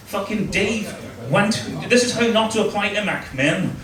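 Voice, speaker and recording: A high-pitched, animated man from Northern Ireland does crude stand-up at a moderate pace, ribbing the crowd. Recorded in a roomy live comedy club via a distant mic, the clip is full of audience laughter.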